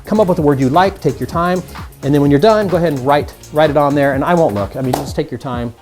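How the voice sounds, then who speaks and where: A man's voice: fairly high pitch, fast, darkish tone, faint music behind. A man teaching mind reading magic tricks in a casual, upbeat tutorial, chatting straight to the viewers.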